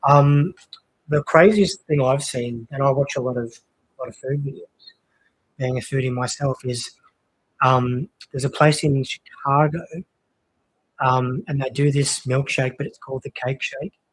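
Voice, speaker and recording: A man's voice: mid-range voice, fairly even intonation, unhurried, slightly rough, low-quality recording. A young man chatting casually on a stream, rambling with lots of fillers. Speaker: co-host of a cricket watchalong stream. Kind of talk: casual chat.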